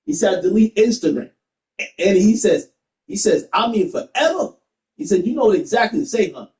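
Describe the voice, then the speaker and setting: A man streaming from home, chatting casually to his viewers as he plays. His voice sits high and swings all over the place while he laughs and reads messages aloud. The room around him sounds echoey. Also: a little fast. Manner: animated, laughing, reading messages aloud to chat.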